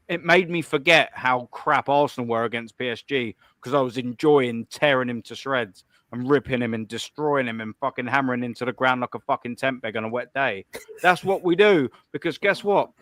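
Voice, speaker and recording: A man's voice: medium pitch, fairly quick, fairly bright tone, dry recording. A young man hosting a live call-in stream, ranting bluntly and profanely in a combative way.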